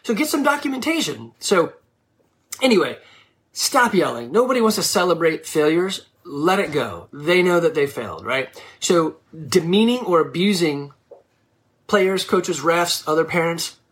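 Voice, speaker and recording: A woman's voice: on the low side, sing-song, unhurried. A woman who coaches youth sports, giving blunt, scolding advice to parents in a frank monologue.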